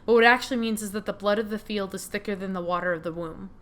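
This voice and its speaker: A woman voicing a hurt, angry young woman confronting her family, read in a steady, bitter tone while playing a game. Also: mid-range voice, very fast, close to an everyday voice. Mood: scornful. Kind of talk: reading game dialogue aloud.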